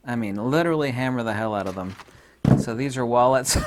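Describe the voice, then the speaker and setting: A man's voice: medium pitch, fairly quick, a little hiss or hum. A man talking casually to camera in his vlog, sarcastic and rambling, often laughing at his own remarks. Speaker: YouTube vlogger.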